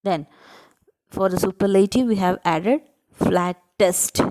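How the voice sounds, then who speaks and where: A woman's voice: medium pitch, slow, dark tone. A woman teacher explaining grammar to young students, working step by step, spelling out letters and breaking words into syllables, often checking with "right?". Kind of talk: grammar lesson for children.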